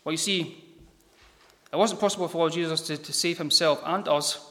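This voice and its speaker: Delivering an informal gospel sermon, a man with a slightly high, somewhat bright voice trips over his words and fills gaps with ums. He's a lay preacher, repeating words haltingly, while the church hall leaves a long reverberation after each phrase.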